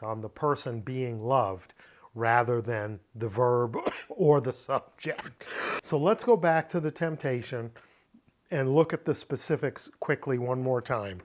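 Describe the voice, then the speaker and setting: A man teaching a biblical Greek lesson, reading phrases slowly and deliberately, with frequent fillers and small self-corrections. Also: mid-range voice.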